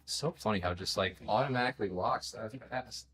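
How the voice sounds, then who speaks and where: A man's voice: lowish voice, brisk, a bit bright. A man rambling casually to his chat while he paints, talking to himself and swearing freely. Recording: roomy sound from a distance, music behind.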